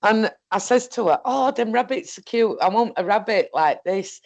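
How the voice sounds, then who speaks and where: A woman's voice: mid-range voice, lively intonation, moderate pace. A woman with a Northern English accent telling a story in casual chat, rambling along and laughing often. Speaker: co-host.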